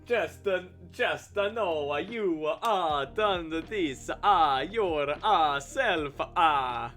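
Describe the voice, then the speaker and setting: Obnoxious stereotypical Italian guy, played by a man, loud, bright-toned, "uh" between every word. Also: a little high, lively intonation, takes it slowly, faint music behind, full character voice. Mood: hammy. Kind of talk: comic put-on accent on a livestream.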